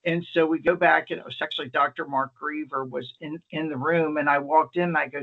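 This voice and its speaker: A man, an emergency nurse, telling a lively anecdote in a presentation, restarting often. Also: on the high side, a little fast, vocal fry, hardly any pauses. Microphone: video call or meeting mic. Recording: slightly muffled meeting recording.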